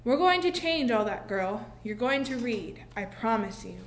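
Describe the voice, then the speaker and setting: A woman voicing a kind, gentle male schoolteacher who speaks softly and encouragingly, read aloud from a storybook. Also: medium pitch, a little slow, roomy sound, a little hiss or hum, close to an everyday voice. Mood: reassuring. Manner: soft, warm and encouraging.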